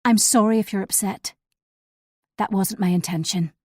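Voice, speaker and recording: A woman's voice: mid-range voice, steady tone, normal speed, a little mellow, breathy edge, dry recording, studio quality, close to an everyday voice. A woman voicing an awkward, guarded male friend who speaks hesitantly and uneasily.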